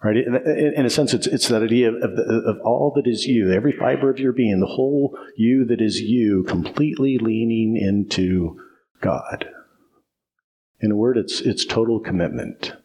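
A man's voice: on the low side, normal speed, darkish tone. A man preaching a sermon as pastor, emphatic and repetitive, often asking "right?" and restarting phrases.

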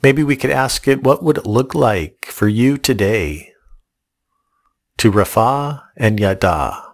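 Earnest male pastor with a gravelly voice. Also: mid-range voice, animated, slow pace. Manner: repeats words in short restarts, reflective and earnest. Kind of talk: sermon.

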